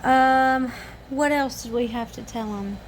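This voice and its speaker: A woman's voice: sits high, measured pace, very noisy. A tired woman chatting casually to camera at home in the evening, rambling in a homespun way. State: tired and yawning. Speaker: family vlogger.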